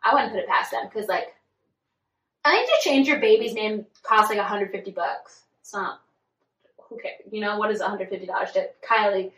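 A woman's voice: medium pitch, moderate pace, a bit bright. A woman co-hosting a podcast, chatting casually about celebrity gossip and filling her talk with "like". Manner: chatty, many "like" fillers. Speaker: podcast co-host. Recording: echoey room, far from mic.

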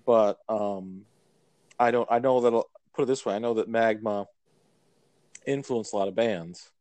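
A man talks shop about guitars and records in a loose, rambling way, full of fillers and restarts. His voice sits low. The sound is dry and close, with no room around it. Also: unhurried, a little mellow, no echo. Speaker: podcast co-host. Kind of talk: casual chat about records.

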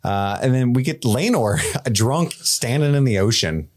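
A man's voice: medium pitch, lively intonation, normal speed, darkish tone. A man co-hosting a casual podcast chat, playful and joking, laughing often. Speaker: podcast co-host.

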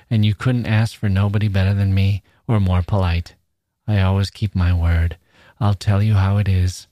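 A menacing young man speaks in a soft, coaxing drawl, as a man reads him, his voice very low. The sound is close and dry. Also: no room sound, natural voice.

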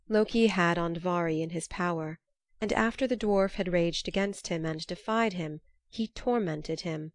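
Woman narrating an old myth, low dry voice. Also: moderate pace, no echo. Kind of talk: storybook narration.

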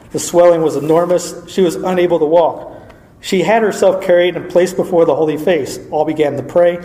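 Man, mellow mid-high voice, reads a religious story aloud, casual asides, roomy echo. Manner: informal asides, chuckling, frequent fillers. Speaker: Catholic speaker reading from a saint's life. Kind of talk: reading aloud with casual commentary. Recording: echoey room.

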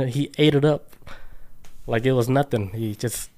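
A man's voice: medium pitch, slow, darkish tone. A man co-hosting a podcast, chatting casually and telling stories in loose, slangy talk with frequent laughs. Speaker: podcast co-host. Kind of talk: casual chat.

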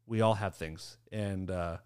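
A man's voice: sits low, steady tone, a little slow, darkish tone, smooth. A man co-hosting a podcast in casual chat, teasing his co-hosts and laughing often. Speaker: podcast co-host.

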